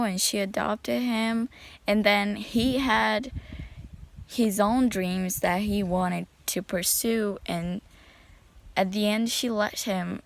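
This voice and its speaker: A woman's voice: medium pitch, gravelly, dry recording. A young woman chatting casually and rambling about books in her vlog, often saying "you know". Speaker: book vlogger. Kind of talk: casual chat.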